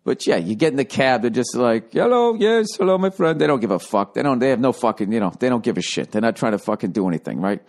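Man, solo podcast host, lowish voice, profane rambling storyteller, quick mocking impressions. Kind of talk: casual storytelling monologue.

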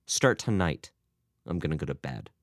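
A man's voice: mid-range voice, sing-song, a little slow, no room sound, studio quality, voice pushed up. A man reading a story voices a middle-aged wife with a raised, strained voice. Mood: flat. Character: anxious wife, middle-aged woman, blunt.

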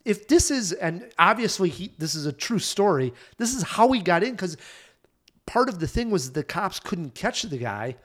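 Animated higher-voiced male podcast host. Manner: animated, quick storytelling. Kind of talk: casual movie review chat.

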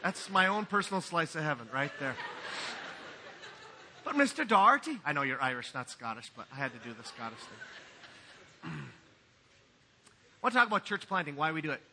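A man's voice: on the high side, expressive, moderate pace, long pauses, sharp tone, slight background noise. A man pastor giving a sermon in a conversational, joking way.

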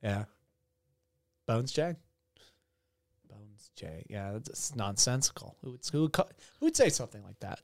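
A man's voice: mid-range voice, sing-song, quick pace, darkish tone. A young man hosting a casual podcast, rambling through stories with a lot of swearing and a mock-official tone. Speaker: podcast host. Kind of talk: casual chat.

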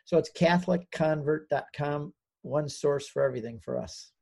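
Here the same kind of interview guest, an older man from the United States, recounts his conversion with earnest feeling, choking up at moments and acting out quoted people. He speaks at normal speed in a voice on the high side, gravelly yet mellow.

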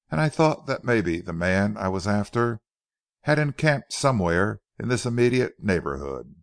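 A man voicing a calm, persistent police corporal who tells his account quietly and deliberately. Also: on the low side, gravelly, no room sound, studio quality, exaggerated voice.

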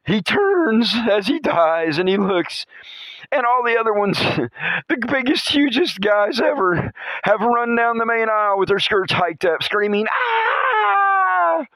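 A man narrating a comic horror story, chuckling often as he tells it in a playful, animated way. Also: high voice, measured pace, no room sound, rough recording. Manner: chuckles through his telling, animated and playful.

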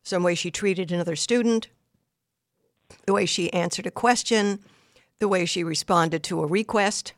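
A woman's voice: on the low side, moderate pace, long pauses, no echo, clean studio sound. An older woman hosting a call-in advice show, giving blunt, direct instructions in numbered steps. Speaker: radio advice host.

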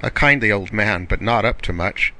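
A man's voice: lowish voice, expressive, normal speed, pushed and bright. A man reading the part of a militia officer in an audiobook, wry and dismissive.

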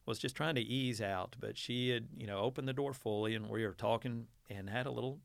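A man's voice: medium pitch, fairly quick, vocal fry, no echo. A man in his forties, a teacher, telling a long folksy story in a casual interview and acting out the quotes. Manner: folksy, self-deprecating storyteller who acts out quotes.

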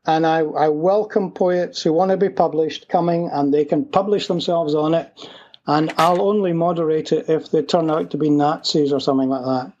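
Man, podcast guest, hesitant, slightly high voice, muffled lo-fi line. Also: steady tone, moderate pace, a little mellow, a little hiss or hum. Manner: hesitant, repeats himself. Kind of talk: casual interview.

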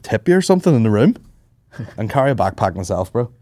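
A man with a lowish voice rambles through sweary, animated anecdotes in casual podcast banter. The sound is dry and close to the mic, with no room around it. He talks loosely, piling up asides. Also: fast, no echo. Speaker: podcast co-host.

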